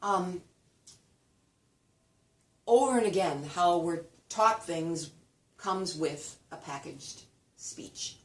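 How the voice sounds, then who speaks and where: A woman's voice: lively intonation, slow pace. A woman teaching a class, often acting out example phrases with exaggerated sing-song melodies. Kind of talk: lecture with spoken demonstrations. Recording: roomy echo, distant mic, faint rumble.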